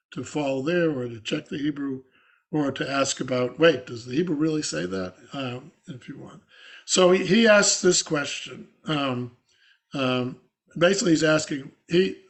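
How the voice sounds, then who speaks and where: An older man, a rabbi, teaching an adult class over a video call in a halting, scratchy voice full of restarts. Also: on the high side. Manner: halting, with many fillers and restarts. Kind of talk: informal online lecture.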